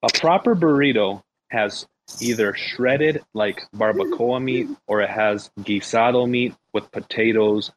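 A man's voice: on the low side, measured pace, a little hiss or hum, low-quality recording. A man in a casual online group chat, talking in a brash, emphatic way full of swearing. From Mexican family background. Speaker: guest.

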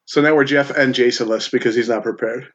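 A man joining a casual podcast as a guest, wisecracking and quick to laugh. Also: mid-range voice, steady tone, a bit bright, highs cut off. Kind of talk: casual chat.

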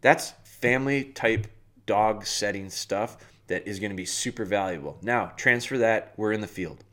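A man with a somewhat low voice giving casual podcast advice on dog training. He talks plainly and walks the listener through everyday examples step by step. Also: normal speed, pushed and bright.

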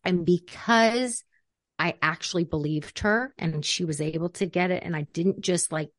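A middle-aged woman, a parenting coach, talking casually and acting out quotes in animated voices. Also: on the low side, normal speed, no room sound, studio quality. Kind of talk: casual conversational talk.

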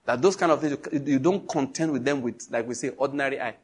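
A middle-aged man with a Nigerian accent preaching a sermon, emphatic and animated, full of rhetorical questions. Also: medium pitch, quick pace, slightly rough.

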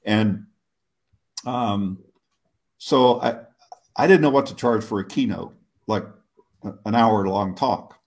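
A man's voice: fairly low pitch, takes it slowly, pauses often, a little mellow. A man, a public speaker, telling stories in an interview in a rambling, self-interrupting way, often laughing at himself. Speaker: guest speaker. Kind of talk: storytelling interview answers.

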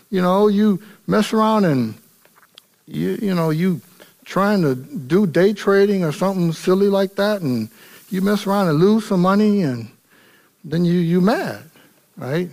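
A man pastor preaches a sermon in an animated, colloquial and humorous way. His voice sits high for a man and swings widely as he works the congregation. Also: unhurried, vocal fry.

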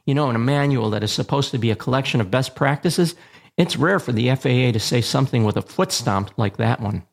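Man, instructional narration, measured and plain, dry humor, mid-range pitch, gravelly texture. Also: lively intonation. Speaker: aviation radio communication instructor, podcast host. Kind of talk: scripted educational narration.

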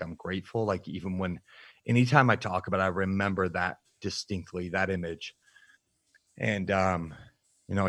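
Deep-voiced man telling a frank story. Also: fairly bright tone, no room sound. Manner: frank and reflective, halting with fillers. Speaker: podcast guest, nutrition coach. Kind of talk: candid personal storytelling in an interview.

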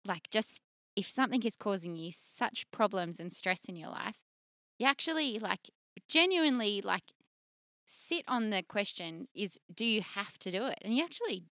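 Female guest, animated and rambling, bright voice, dry close-mic sound. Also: medium pitch, moderate pace, no room sound. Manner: rambling, animated, lots of fillers. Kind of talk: casual chat.

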